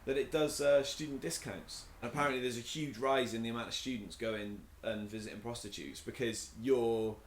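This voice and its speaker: A young man co-hosting a casual podcast, swearing often and chiming in with rapid yeahs. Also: medium pitch, echoey room, slight background noise. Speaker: podcast co-host. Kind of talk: casual banter.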